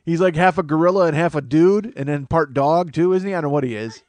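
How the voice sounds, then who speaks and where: A man's voice: fairly high pitch, fast talker, darkish tone, no room sound. A man hosting a comedy podcast alone, rambling in a self-mocking way, losing his train of thought and sounding tired from lack of sleep. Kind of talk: rambling solo comedy monologue.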